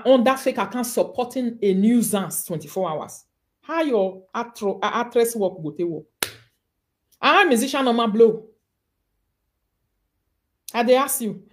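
A woman with a Nigerian accent ranting on a live video, mocking and scolding her targets. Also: medium pitch. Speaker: online commentator.

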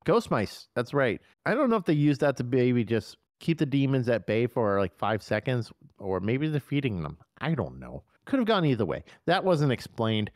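A man talking casually on a horror podcast, his pitch swinging widely as he gets worked up. He swears freely and jumps into quick bits of acted-out dialogue. The sound is dry and close, with no room around it. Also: no room sound. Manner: animated, profane, excitable retelling. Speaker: podcast co-host. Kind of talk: casual movie review chat.

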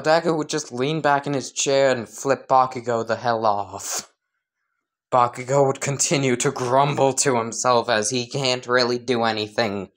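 A woman casually narrating a crude, rambling comedic fan story. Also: extremely low pitch.

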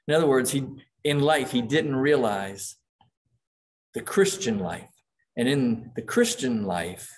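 A middle-aged man preaching a sermon as pastor, reading quoted passages aloud with dramatic emphasis. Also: medium pitch.

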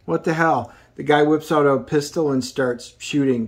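A man's voice: fairly high pitch, steady tone, normal speed. A middle-aged man hosting a casual comic book review video, rambling through the plot with many ums and uhs.

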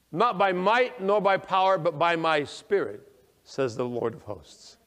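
A man preaches from the pulpit in a fairly high voice, swelling with emphasis on scripture and sinking low to reflect. He checks in with "okay?" and stumbles over restarts. His voice rings with the long reverb of a church hall. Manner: emphatic preaching, rising when quoting scripture, dropping low and quiet to reflect. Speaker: pastor. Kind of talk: sermon. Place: church sanctuary.

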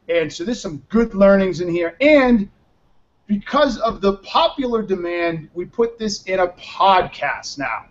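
A man hosting a casual live web show. He is tired and talks in a loose, rambling, profane way. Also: high-pitched. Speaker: show host. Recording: dull lo-fi stream audio.

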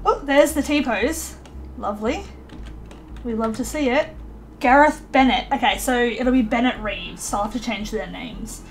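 A young woman casually commentating her life-sim gameplay, excitable and chatty, voicing her characters in quick asides. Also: on the high side, slight background noise. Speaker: let's play host.

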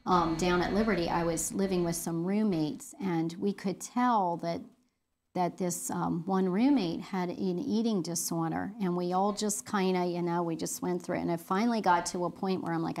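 A woman's voice: lowish voice, moderate pace. A middle-aged woman leading a women's Bible study, talking earnestly and conversationally with fillers and restarts.

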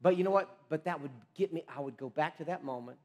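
A man preaching a sermon as pastor, swinging from loud emphatic phrases to low quiet ones, often restarting mid-phrase. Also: fast talker.

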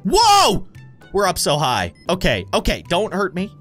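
Animated man doing game commentary. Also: a little high, normal speed, faint music behind. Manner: animated, jokey, shrieks and mock-deadpan asides. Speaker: gaming YouTuber. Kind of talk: let's play commentary.

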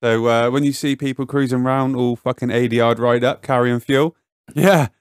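A man's voice: medium pitch, fairly even intonation, normal speed, clean tone, no room sound, studio quality. A man with a West Country English accent, a podcast guest, teasing and cheeky in sweary banter. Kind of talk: casual banter.

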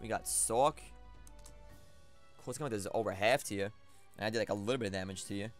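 Excitable young man commentating gameplay. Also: on the low side, brisk, soft background music. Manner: excitable, thinking aloud, talks to opponent. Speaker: competitive battle commentator.

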